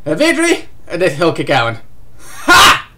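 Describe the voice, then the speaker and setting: Comic reaction streamer, bright tone, animated pitch, frequent laughter. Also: unhurried. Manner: laughs often, excited outbursts. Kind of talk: live reaction while reading a comic aloud.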